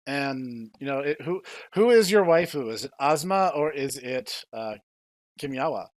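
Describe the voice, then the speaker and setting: A man's voice: medium pitch, measured pace, no room sound. Chatty young man hosting a podcast, dry sound. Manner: lively, laughs easily, stumbles over words. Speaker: podcast host. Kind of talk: casual podcast chat.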